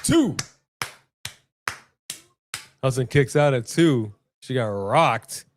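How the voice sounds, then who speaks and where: A man's voice: mid-range voice, expressive, very slow, a little hiss or hum. A man co-hosting a live wrestling watch-along, calling the action and joking in casual banter. He is from Los Angeles. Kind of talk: casual live-stream commentary.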